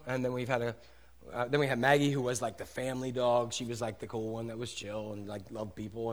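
A middle-aged man preaching a sermon as pastor in a casual, animated way, swinging from loud exclamations to soft asides. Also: on the high side.

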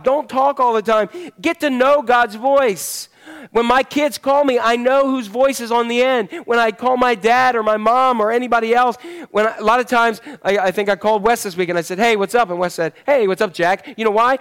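Pastor, man, middle-aged, high voice, casual joking sermon, church. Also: fairly bright tone, smooth. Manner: conversational, joking with the congregation; moves about handing out fruit while talking. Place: church sanctuary.

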